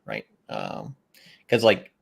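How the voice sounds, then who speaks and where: Gravelly man in casual chat. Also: a bass voice, huge pitch swings, slow. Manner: rambling, filler-heavy, easy laughs. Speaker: podcast co-host. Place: house in Japan.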